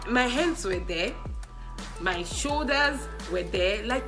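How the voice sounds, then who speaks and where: Bright-voiced young Nigerian woman telling stories. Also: medium pitch, slow, faint music behind, rough recording. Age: young adult. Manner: animated, laughing, mixes in pidgin and Yoruba exclamations. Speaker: vlogger. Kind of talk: casual storytelling vlog.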